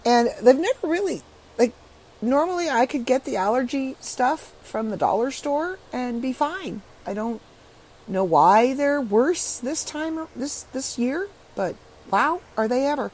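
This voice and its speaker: A middle-aged woman podcaster in casual solo chat, chatty and frank, her voice rough and congested from allergies. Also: sits high, lively intonation, a little slow, darkish tone, low-quality recording.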